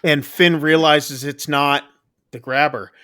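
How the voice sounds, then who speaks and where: Guy on a movie podcast going through the plot, kinda high and bright, lots of "like" and "uh". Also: steady tone, takes it slowly, clean tone. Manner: recaps plot loosely with many fillers and "like". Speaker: podcast co-host. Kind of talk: casual movie review chat.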